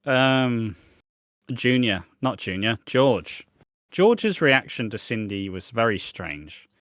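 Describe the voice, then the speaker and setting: A British man co-hosting a podcast, telling stories in a sweary, animated, casual way. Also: mid-range voice, slow pace, dry recording, studio quality. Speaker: podcast co-host. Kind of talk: casual chat.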